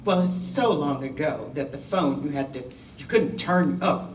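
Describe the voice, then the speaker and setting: A woman's voice: low voice, normal speed, slight background noise. An older woman giving a candid, wry talk to a school class, telling her own story in a conversational way. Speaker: guest speaker. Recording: roomy sound from a distant mic.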